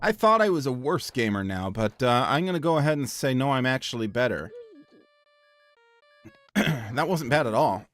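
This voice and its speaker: Animated young man narrating his gameplay. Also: medium pitch, moderate pace, pauses often. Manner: self-deprecating, joking, reads game lines aloud in silly voices. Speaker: gameplay commentator. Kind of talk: casual let's-play commentary.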